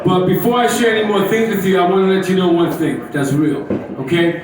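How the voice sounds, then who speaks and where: Loud profane stand-up guy in his 50s, kinda high voice, super echoey club, sounds far from the mic. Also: a little fast. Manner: brash, profane, crowd-baiting. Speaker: stand-up comedian. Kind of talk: stand-up comedy set. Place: comedy club stage.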